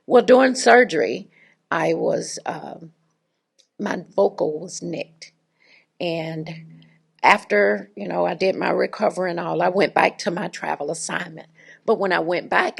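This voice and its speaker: A middle-aged woman with a raspy voice, giving a chatty, humorous faculty talk to an audience. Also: on the low side, measured pace. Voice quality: raspy, gravelly voice. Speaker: faculty speaker. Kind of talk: conversational lecture with anecdote.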